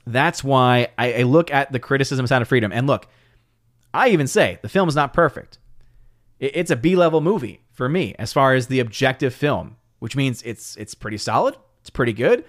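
Guy hosting a movie livestream, reads chat out loud, laughs a lot, close dry mic. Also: medium pitch, no echo. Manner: chatty, reads viewer comments aloud, laughs often. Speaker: livestream host. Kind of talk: casual live-stream commentary.

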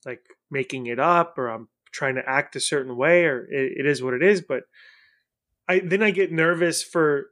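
A man hosting a podcast interview, telling stories animatedly with quick restarts, stumbles and laughter. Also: on the high side, a bit bright. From family of Iranian heritage. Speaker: podcast host. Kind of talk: casual interview chat.

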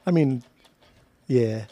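A young man swaps jokes on a casual podcast, swearing often and sounding exasperated. His voice is mellow and warm, and the sound is dry and close. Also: mid-range voice, very slow, no room sound. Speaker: podcast co-host.

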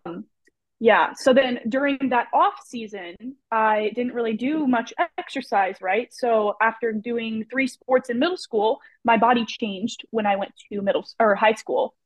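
A woman's voice: fairly high pitch, a little slow, dry recording. A young woman speaking as a podcast guest. She talks openly and chattily, with lots of "like" and "you know". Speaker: guest, personal trainer. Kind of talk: casual podcast chat. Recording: dull lo-fi, very dry sound.

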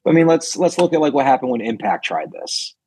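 A man's voice: mid-range voice, sing-song, fast, a little mellow, breathy edge, no echo, poor audio. A man co-hosting a podcast, talking casually and analytically about pro wrestling, leaning on "I mean" fillers. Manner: laid-back, analytical, many "I mean" fillers. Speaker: podcast co-host.

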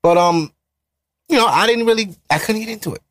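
A man's voice: high voice, a little fast, fairly bright tone, no echo. A man co-hosting a podcast, chatting casually and ranting bluntly with plenty of profanity. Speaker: podcast co-host. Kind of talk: casual chat.

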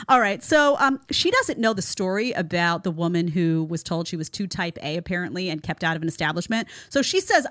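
Animated, sarcastic woman podcast host. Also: fairly low pitch, fast talker, hardly any pauses, no room sound, clean studio sound. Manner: sarcastic, mocking impressions. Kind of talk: opinionated commentary. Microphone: studio microphone.

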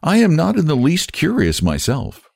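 A man's voice: fairly high pitch, wildly swooping pitch, normal speed, creaky, darkish tone, no room sound, studio quality, voice pushed up, full character voice. A man reading aloud and voicing a kindly, sentimental older woman in a raised, lilting voice.

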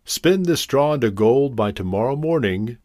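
A man's voice: mid-range voice, lively intonation, moderate pace, a little mellow, no room sound, clean studio sound, lightly acted. A man voicing a demanding king in a storybook reading, with a commanding manner.

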